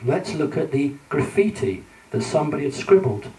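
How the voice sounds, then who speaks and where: A man with a high-leaning, mellow voice and big pitch swings lectures with slides to a live audience at a moderate pace. He addresses them conversationally, often saying um and restarting. The roomy hall puts his voice at a distance, with a little hiss or hum.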